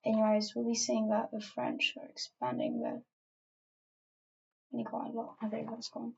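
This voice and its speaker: Rambling, gravelly, offhand young woman. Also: a little high, flat delivery, moderate pace, lo-fi sound. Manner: rambling, offhand, with many fillers and asides. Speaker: alternate-history mapper. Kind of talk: casual map narration while editing.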